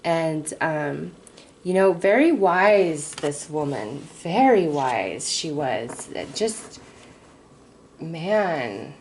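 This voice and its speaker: A woman giving a casual tarot reading to her viewers, talking haltingly with many fillers and pauses. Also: low voice, animated, a little mellow, slight background noise, low-quality recording. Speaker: tarot reader.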